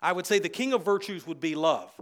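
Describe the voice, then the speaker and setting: Animated middle-aged male preacher. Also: quick pace. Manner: animated storyteller, big swings in loudness and pitch; folksy, repeats phrases for emphasis. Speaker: pastor. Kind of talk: sermon.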